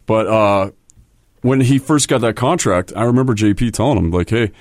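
A man with a lowish voice tells hockey stories in loose, rambling sentences that he keeps restarting. The sound is dry and close, with no room echo. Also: moderate pace, a little mellow. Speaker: hockey camp coach and co-host. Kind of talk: casual hockey chat.

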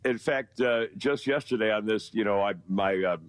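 A man's voice: on the low side, normal speed, no room sound, poor audio. An older man chatting from home as a weekly radio guest, rambling and folksy with frequent chuckles. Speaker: regular weekly guest on a morning talk radio show. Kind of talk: casual radio chat.

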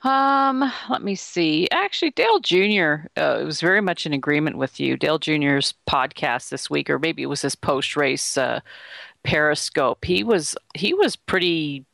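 A woman's voice: low-pitched, expressive, normal speed, gravelly, fairly bright tone, no room sound. Chatty woman co-hosting a racing show. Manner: chatty, opinionated, easygoing. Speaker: podcast co-host. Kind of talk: casual sports talk.

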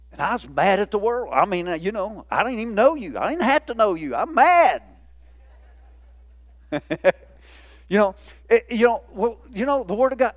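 A man's voice: sits high, no room sound. A man in his fifties preaching a folksy, playful sermon in a church, often laughing. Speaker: pastor.

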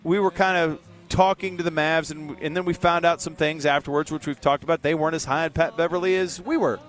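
A man's voice: on the high side, steady tone, fast, soft background music. A man co-hosting sports talk radio, casually retelling a conversation and weighing both sides. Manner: chatty storytelling, relays conversations.

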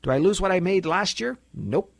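A man's voice: high voice, animated, moderate pace, vocal fry, no echo. A man hosting a financial radio talk show, talking animatedly and acting out little dialogues between clients and brokers.

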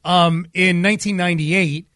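A man's voice: high voice, steady tone, moderate pace, bright, forceful tone, dry recording, clean studio sound. A man co-hosting a sports talk show, chatty and joking. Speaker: sports radio co-host.

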